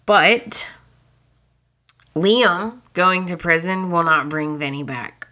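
Low, bright-toned woman recapping a soap. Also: unhurried. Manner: animated storytelling, acting out characters' lines. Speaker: podcast host. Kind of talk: casual soap opera recap.

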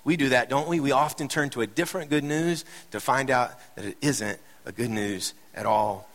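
A man's voice: medium pitch, moderate pace, fairly bright tone. A middle-aged man preaching a sermon as a pastor, conversational with light joking asides, building to impassioned emphasis. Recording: reverberant hall.

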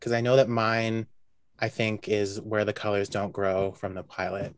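A man from Canada co-hosting a casual podcast, laid-back and quick to laugh. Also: fairly low pitch, flat delivery, smooth, dry recording. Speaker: podcast co-host.

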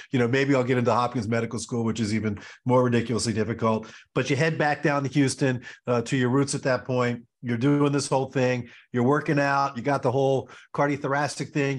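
A man from Baltimore hosting a casual podcast interview, friendly and chatty, jumping in with questions. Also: medium pitch. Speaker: podcast host, physician.

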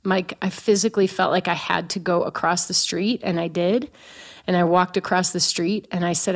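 A woman's voice: on the low side, fairly even intonation, moderate pace. A woman in her forties telling a personal story to a host. She is candid and self-mocking and laughs along the way. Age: 40s. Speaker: guest.

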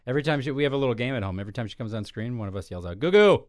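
A man's voice: mid-range voice, rapid-fire, no room sound, clean studio sound. A man co-hosting an entertainment podcast in casual, teasing chat. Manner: joking, teasing. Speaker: podcast co-host. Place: Chicago area.

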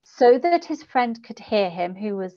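A woman who coaches public speakers, talking in an interview and changing her pitch and volume to demonstrate delivery. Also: very animated, unhurried, warm tone. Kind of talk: conversational interview. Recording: dull lo-fi podcast audio.

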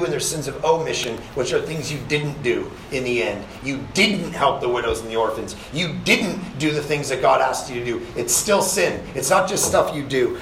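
A man's voice: on the high side, echoey room, slight background noise, poor audio. A man preaching a sermon, reading scripture aloud and driving his points home with rising force, breaking into casual asides to his listeners. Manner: animated preaching, punching lines with rising volume; conversational asides to young listeners. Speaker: pastor. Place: summer camp session.

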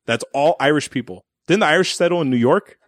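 A man's voice: on the high side, animated, fast talker, dry recording, clean studio sound. Profane, laughing podcast co-host man. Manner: profane, laughing, acts out characters in silly voices. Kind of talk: casual movie recap chat.

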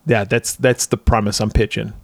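A man's voice: lowish voice, flat delivery, moderate pace, creaky, no echo. A man co-hosting a casual movie podcast, joking around and laughing often. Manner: joking, laughs often, slips into mock voices. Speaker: podcast co-host.

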